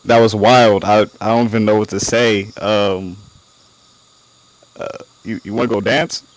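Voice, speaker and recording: A man's voice: fairly low pitch, steady tone, a little slow, low-quality recording. A man playing a tabletop game, speaking in a hesitant, easygoing way. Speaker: player.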